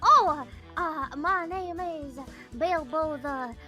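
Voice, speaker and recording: A woman playing a tabletop game who speaks softly and hesitantly. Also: sits high, slow, faint music behind. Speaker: player. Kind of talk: tabletop role-play.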